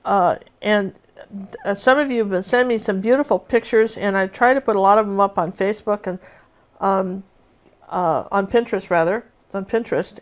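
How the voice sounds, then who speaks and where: Chatty woman painting instructor, talks through her demo with rambling asides. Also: medium pitch.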